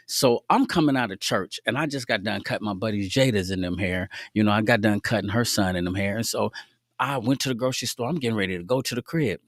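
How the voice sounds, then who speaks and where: A man's voice: fairly low pitch, quick pace, no room sound, clean studio sound. A man hosting a podcast, telling faith-based stories in a laid-back, slangy way with frequent asides to listeners. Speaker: podcast host. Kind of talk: casual faith-based storytelling.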